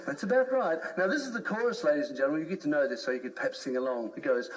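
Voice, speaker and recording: A man's voice: a little high, rapid-fire, poor audio. A man with an Australian accent, joking and chatting playfully while running a comedy skit. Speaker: entertainer, co-host. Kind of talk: comedic banter and ventriloquism skit.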